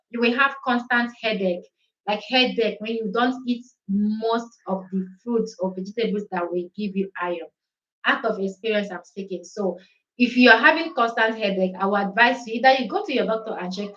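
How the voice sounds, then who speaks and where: A woman's voice: medium pitch, a bit bright, echoey room, muffled recording. A Nigerian woman whose first language is Igbo, hosting a casual live-stream chat and mixing English, Pidgin and Italian in a chatty way.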